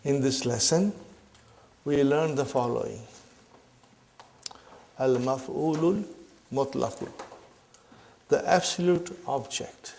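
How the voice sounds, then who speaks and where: Slow, gravelly man teaching grammar. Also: medium pitch, darkish tone. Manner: repeats questions to the class, checks understanding with "huh?" and "are you with me"; addresses listeners as brothers and sisters. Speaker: Arabic language teacher. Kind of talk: classroom grammar lesson.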